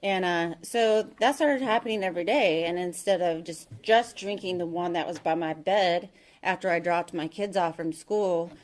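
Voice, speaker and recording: Woman, thirties, low-pitched, candid, halting, full of ums, recovery story at a meeting. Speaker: AA meeting speaker.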